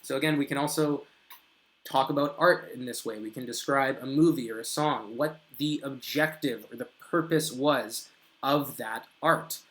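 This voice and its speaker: A man teaching an English grammar lesson live, reading viewers' comments aloud, correcting them and drawing out his example sentences slowly. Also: mid-range voice, a bit bright.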